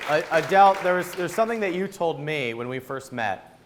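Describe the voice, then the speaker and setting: A man's voice: fairly high pitch, animated, fairly quick, a crowd in the background. Male host interviewing a guest on stage, light and jokey, faint room noise behind. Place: event hall with live audience.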